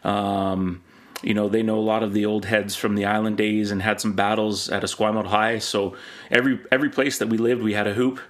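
A middle-aged man from Canada speaks in a fairly low voice. He tells loose, animated stories full of fillers and restarts, as a podcast host taking the guest seat. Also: fairly quick. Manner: rambling, animated anecdotes with many fillers. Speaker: podcast host being interviewed. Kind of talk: casual storytelling interview.

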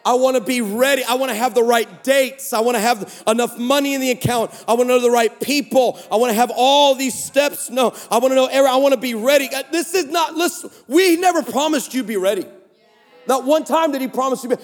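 A man preaching a sermon at a conference, telling stories and building to shouts. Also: very high-pitched, brisk. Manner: storytelling, animated, rising to shouts. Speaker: pastor. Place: conference stage in a large hall. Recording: echoey large hall.

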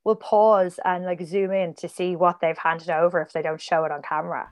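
A woman talking as a podcast guest in relaxed conversation, her voice sitting a little low. She rambles happily, drifts into tangents and fills her sentences with "like" and "um". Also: normal speed. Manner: chatty, rambling, many fillers and tangents. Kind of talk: casual podcast chat.

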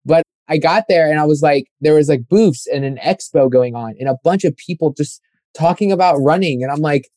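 A young man tells a long, rambling story in casual chat, scattering fillers and slipping into other people's voices as he quotes them. His voice sits a touch high but sounds mellow and dark. The sound is dry and close, with no room echo. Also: a little fast.

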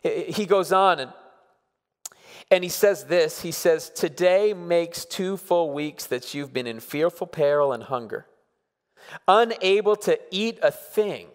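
Earnest pastor in a reverberant hall. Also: male voice, a little high, measured pace. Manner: earnest, emphatic, repeats words with "come on". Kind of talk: sermon.

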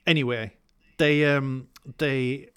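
A man's voice: medium pitch, fairly even intonation, slow pace, fairly bright tone, clear, resonant tone. A man recapping a film in a rambling, hesitant way, full of ums and crude jokes. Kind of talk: casual film chat.

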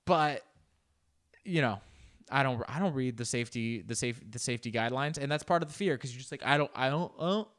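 A man reacting to a news clip in casual commentary, joking and jumping into exaggerated voices. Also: a little fast. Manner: animated, joking, jumps into exaggerated high-pitched voices. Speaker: reaction video host.

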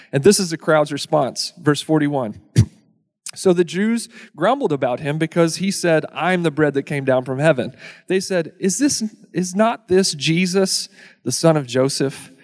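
A man preaching a sermon in a casual, joking way, acting out the crowd's lines in quick asides. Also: on the high side. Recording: long hall reverb.

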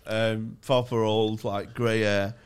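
A man's voice: fairly low pitch, flat delivery, clear, resonant tone. Sweary man telling stories. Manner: sweary and laughing, rapid bursts. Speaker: podcast co-host. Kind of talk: casual chat, comic storytelling.

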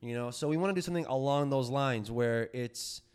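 A man's voice: medium pitch, fairly quick, darkish tone, clear, resonant tone. A young man in casual podcast chat, loose and profane, full of fillers and restarts. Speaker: podcast co-host, band member.

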